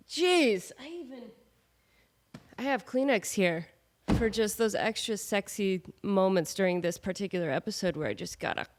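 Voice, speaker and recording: A woman with a cold and a stuffed-up voice, hosting her podcast in a jokey, sarcastic, rambling monologue. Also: a little high. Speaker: podcast host. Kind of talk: casual comedic monologue. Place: home setup with camera on tripod.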